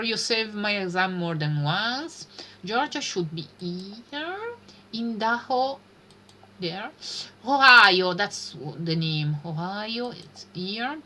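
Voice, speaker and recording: Lady streaming a game, thinks out loud, slow and hesitant, kinda sharp bright tone. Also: a little high, a little hiss or hum. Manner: thinking aloud, hesitant muttering. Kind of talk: live-stream gameplay commentary.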